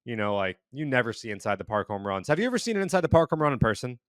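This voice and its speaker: A man co-hosting a casual sports chat in a measured, analytical manner with some teasing. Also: mid-range voice, very animated, fairly bright tone, no room sound, clean studio sound. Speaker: co-host.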